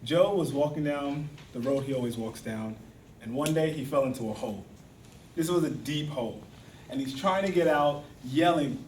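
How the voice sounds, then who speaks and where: At a speaking club, a man delivers a storytelling speech and performs the voices of the characters in it. He speaks at a normal pace with a fairly high pitch. He's captured from far away in an echoey hall, with slight hiss or hum.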